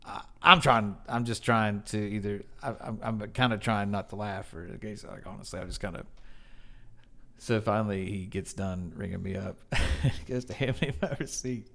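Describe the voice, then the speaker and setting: A man's voice: lowish voice, normal speed, gravelly, a bit bright. A man co-hosting a podcast, telling a story in casual chat and breaking into laughter often. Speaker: podcast co-host.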